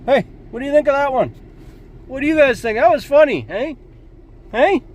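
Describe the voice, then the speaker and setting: A man's voice: extremely high pitch, lively intonation, moderate pace, darkish tone. A man vlogging from his truck, telling stories and dad jokes in a folksy, chuckling way. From Canada. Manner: folksy, chuckling, says "you know" often. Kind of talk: casual storytelling and dad jokes. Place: in a truck or vehicle.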